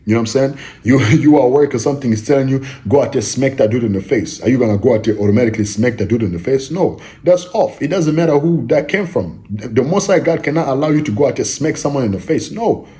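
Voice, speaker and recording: Guy preaching casual style, voice jumps all over, keeps repeating stuff, slow when reading verses. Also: medium pitch, expressive, warm tone. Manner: repetitive, emphatic, checks in with listeners. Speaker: religious teacher. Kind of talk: informal preaching monologue.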